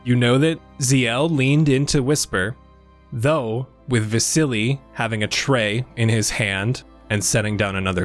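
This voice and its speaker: A man narrating a tabletop role-playing game as game master, describing scenes briskly. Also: mid-range voice.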